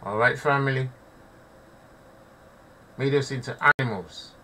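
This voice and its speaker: A man's voice: medium pitch, unhurried, sharp tone. Preachy guy ranting live, keeps saying family, kinda far from the mic, a bit of hiss. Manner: preachy, repetitive, calls audience "family". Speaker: online preacher. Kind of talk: impassioned live commentary.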